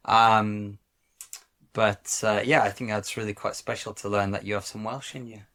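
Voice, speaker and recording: A man's voice: fairly low pitch, fairly even intonation, normal speed, fairly bright tone. A man co-hosting a podcast in casual chat, talking hesitantly with plenty of fillers and restarts. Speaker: podcast co-host.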